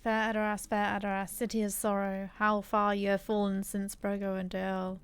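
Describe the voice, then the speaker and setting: A woman's voice: mid-range voice, normal speed, smooth, no room sound, lightly acted. A woman reading the lines of a gloomy male minstrel in a fantasy game, in a mournful half-sung recitation.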